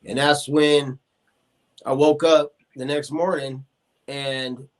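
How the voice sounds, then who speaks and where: A man's voice: medium pitch, slow pace. A man in his forties, a podcast guest, telling a long story in casual talk, full of fillers and acted-out quotes. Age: 40s. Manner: animated, acts out quoted voices, many fillers.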